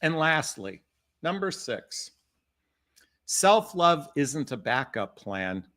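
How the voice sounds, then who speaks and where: Speaking directly to the camera, a middle-aged man offers dating advice with passion and emphasis, frequently calling his audience "folks." His fairly high voice is very animated and sharp-toned, though his pace is slow.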